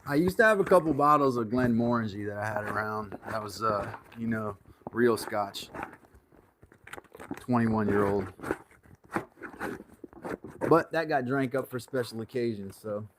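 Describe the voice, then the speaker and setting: Brief: laid-back male workshop host chatting with jokes, loud scraping and clicking noise close by. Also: fairly low pitch, measured pace, pauses often. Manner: rambling, joking asides. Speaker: channel host. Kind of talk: casual workshop livestream chat.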